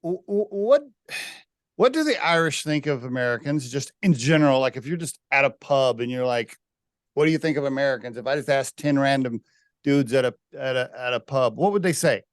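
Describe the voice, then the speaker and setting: Male podcast host, mid-pitched, casual and rambling, dry close mic. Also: animated, moderate pace, no room sound. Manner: chatty, rambling with restarts. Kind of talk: casual interview.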